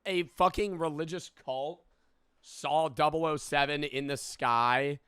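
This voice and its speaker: A man's voice: fairly high pitch, fairly even intonation, unhurried, a bit bright, clean tone, no room sound, clean studio sound. A man reacting to a story with incredulous, swearing comments in casual chat. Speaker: co-host.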